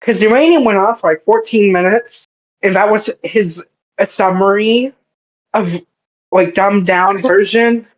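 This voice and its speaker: A young-sounding moderator running a casual online debate, relaxed and rambling, with slangy asides. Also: medium pitch, unhurried, dull audio.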